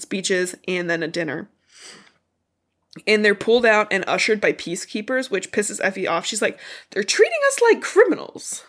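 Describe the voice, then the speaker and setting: A woman whose voice is thick with congestion, her nose stuffed up. She retells a book in loose, chatty podcast talk, cursing casually. Her pitch sits in a middling range. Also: a bit bright. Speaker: podcast co-host.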